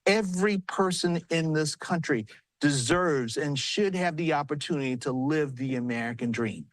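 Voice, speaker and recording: High-voiced Southern man giving rousing remarks. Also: normal speed, dry recording. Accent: South Carolina. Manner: storytelling, earnest and rousing. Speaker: party chair. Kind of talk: live remarks on news broadcast. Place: large arena with commotion.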